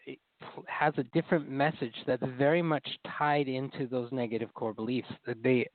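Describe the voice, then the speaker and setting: A man appears as a therapist guest in an interview, earnestly explaining ideas and acting out inner critical voices. His voice is medium in pitch, and the recording is dry with phone-quality sound.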